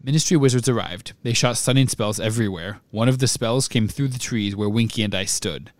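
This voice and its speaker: A man reading aloud in a flat monotone as a young male dark wizard confessing. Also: on the low side, a little fast, no echo, lightly acted.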